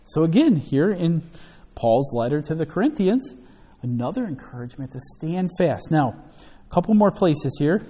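A man's voice: a little high, big pitch swings, moderate pace, warm tone, husky, big-room sound. A man preaching an emphatic sermon, teaching from the Bible and reading scripture aloud between his comments. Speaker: pastor.

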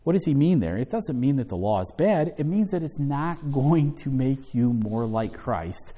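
A man leads a Bible study, stressing key words and repeating them for weight. His mellow voice swings up and down with lively intonation. A long reverb trails each phrase, as in a large hall. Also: medium pitch, moderate pace. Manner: emphatic, stresses and repeats key words, asks rhetorical questions.

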